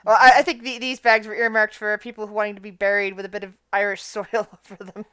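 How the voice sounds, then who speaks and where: A woman chatting with fellow players on a call, talkative and quick to laugh, often restarting her sentences. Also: mid-range voice, flat delivery, pushed and bright, clear, resonant tone. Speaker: tabletop game player. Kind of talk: casual chat.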